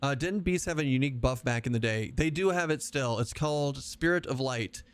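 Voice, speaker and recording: A man's voice: mid-range voice, brisk, clean tone. A man streaming an online game, talking casually in a joking, rambling way with frequent swearing and asides to chat. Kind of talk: casual livestream chat while gaming.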